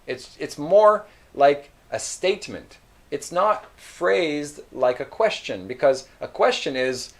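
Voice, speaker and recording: A man teaching English, explaining phrases slowly and repeating example sentences. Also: fairly high pitch, expressive. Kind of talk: slow explanatory English lesson.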